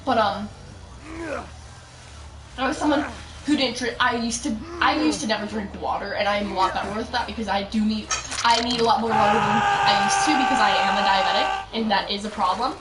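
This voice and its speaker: A young woman chatting casually on a live gaming stream, telling a story and breaking into excited shouts at the game. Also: on the high side, brisk. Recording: roomy echo, mic at a distance, loud background noise.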